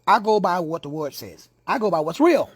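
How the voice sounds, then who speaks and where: A man with a Texan accent preaching an informal sermon, playful and slangy, who drops into hushed whispers for asides. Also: high voice, sing-song, normal speed, slightly rough, dry recording. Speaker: preacher and teacher.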